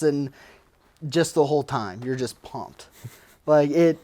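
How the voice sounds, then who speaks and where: A man guest-hosting a podcast in casual chat, excitable and laughing often, swearing and full of fillers. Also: fairly high pitch, a little slow. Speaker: podcast producer, guest host.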